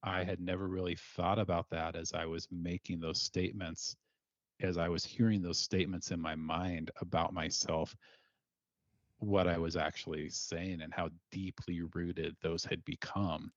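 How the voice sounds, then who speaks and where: A man with a very low voice reflects on fatherhood in a measured, sincere way. The recording is dry and close. It sounds a little dull and lo-fi. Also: little pitch movement, dry recording. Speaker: podcast guest, single father. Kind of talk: reflective interview talk.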